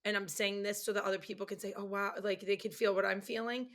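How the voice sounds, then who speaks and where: A woman's voice: medium pitch, little pitch movement, quick pace, fairly bright tone. A woman podcast host in casual interview chat, speaking candidly and frankly about herself.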